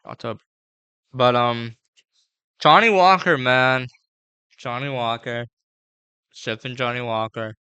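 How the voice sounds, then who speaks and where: A man's voice: medium pitch, sharp tone, smooth, no room sound. A man giving a casual, rambling fight breakdown, full of fillers and slang. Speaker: MMA fight previewer.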